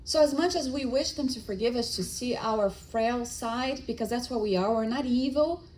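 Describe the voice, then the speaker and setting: A woman's voice: a little high, moderate pace, poor audio. A middle-aged woman giving a spiritist lecture, telling stories and acting out the dialogue, with frequent restarts. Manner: animated storytelling with acted-out dialogue.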